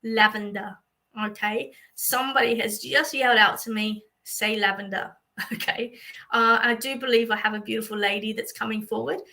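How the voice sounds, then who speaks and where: A woman's voice: a little high, steady tone, moderate pace, gravelly, pushed and bright, low-quality recording. An Australian woman, a psychic medium, chatting through a livestream reading for viewers with many fillers and a reassuring manner.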